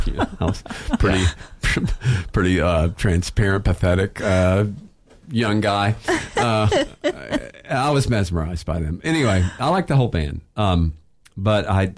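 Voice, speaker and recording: Man, middle-aged, radio host, self-deprecating storyteller, low pitch. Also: very animated, a little slow. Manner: rambling, self-deprecating anecdote telling with laughs. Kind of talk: storytelling on public radio pledge drive.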